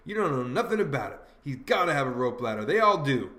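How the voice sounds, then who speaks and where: A man's voice: mid-range voice, sing-song, fast, pushed and bright. A man voicing a bossy, know-it-all teenage boy who lectures in folksy dialect, in an audiobook reading. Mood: lecturing. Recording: roomy echo.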